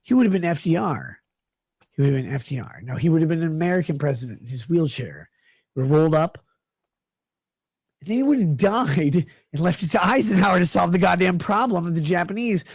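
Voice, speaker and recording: A woman's voice: fairly low pitch, lively intonation, fairly quick, a little mellow, husky, no room sound. Woman rambling absurd jokes, dry sound. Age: 30s. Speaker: podcast co-host. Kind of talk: casual comedic chat.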